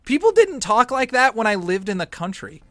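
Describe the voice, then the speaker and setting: A man co-hosting a gameplay video chats casually over a video game with a very high-pitched voice that swings widely, fairly bright, at a moderate pace with no room sound. He laughs often, rambles, and swears freely.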